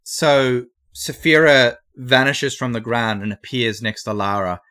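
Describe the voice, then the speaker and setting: A man narrating slowly and measuredly as game master of a tabletop game. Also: medium pitch, flat delivery, pushed and bright.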